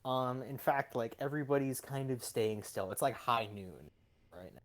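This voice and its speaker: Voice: mid-range voice, normal speed. A game master narrating a tabletop game scene, hesitant and full of fillers.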